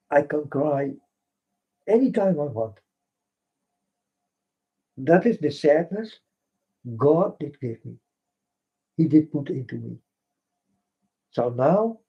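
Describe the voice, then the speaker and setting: A man's voice: medium pitch, husky. A man whose first language is Dutch, speaking in an earnest, repetitive monologue and often addressing listeners as folks. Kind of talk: impassioned spoken monologue. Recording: dull lo-fi recording.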